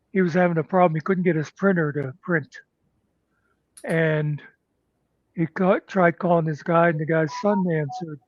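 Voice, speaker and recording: Casting: male host, slightly high voice, rambling anecdotes, muffled dry recording. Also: no echo. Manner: rambling storyteller, many "uh"s. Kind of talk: casual chat.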